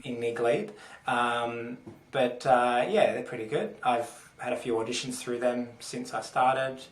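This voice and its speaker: A man's voice: mid-range voice, steady tone, a little slow, a little hiss or hum. An Australian man, an actor guest on a podcast, speaking earnestly and thoughtfully with lots of fillers. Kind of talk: casual interview chat. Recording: echoey and distant from the mic.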